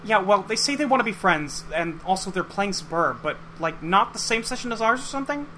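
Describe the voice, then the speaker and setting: A man reads as a cheerful, goofy teenage boy with a high, bright voice. He chats casually and teases his friend. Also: expressive, fairly quick, a little hiss or hum. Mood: playful. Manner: casual, playful, teasing.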